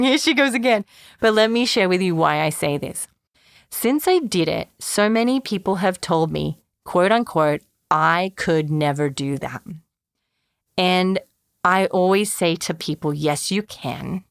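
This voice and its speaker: A woman's voice: low voice, no room sound, studio quality. A woman hosting a solo podcast, talking earnestly and encouragingly to listeners as a therapist. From Australia. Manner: earnest, encouraging, repeats catchphrases.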